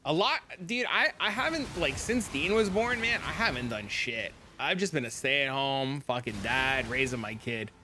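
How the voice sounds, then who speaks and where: A young man with a New Jersey accent, a streamer telling a story to his chat in a casual, profane, animated way. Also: normal speed, hardly any pauses, a little hiss or hum. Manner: animated, profane, gets loud and high when retelling arguments.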